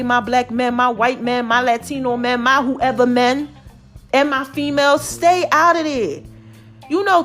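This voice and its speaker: A middle-aged woman, the host of her own podcast, speaks in a high-pitched voice as she delivers an impassioned, moralizing motivational monologue addressed directly to her listeners.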